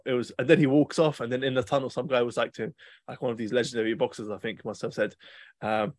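A young man hosts a casual podcast chat, wandering through animated, rambling stories full of fillers and restarts. His voice sits at an ordinary middle pitch, and the recording is close and dry with no room sound. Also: fast, dry recording. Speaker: podcast host.

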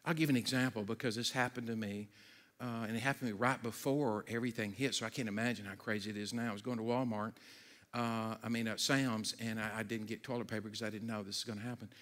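A man preaching a sermon as a pastor, conversational and energetic, with humorous asides and stammered restarts, sometimes dropping low and quiet for serious points. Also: fast talker, in a large hall.

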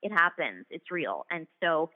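A woman's voice: low-pitched, very animated, measured pace. A woman in her forties, an acting coach and actress, chatting as an interview guest in an effusive, rambling way full of fillers, calling in from her home office. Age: 40s. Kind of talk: casual interview chat. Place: remote call from home office. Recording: tinny phone-like line.

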